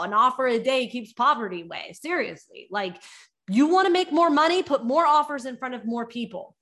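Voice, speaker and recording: Energetic woman coaching business owners. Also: high-pitched. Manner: energetic, coaching, asks rhetorical questions. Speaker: podcast host and business coach. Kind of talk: teaching podcast talk.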